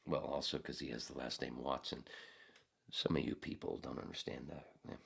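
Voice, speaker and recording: A man's voice: very deep voice, normal speed, gravelly, slightly rough. A man in his fifties hosting a podcast, ranting in a profane, rambling way. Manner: profane, rambling, animated, acts out voices. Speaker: podcast host. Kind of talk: casual podcast rant.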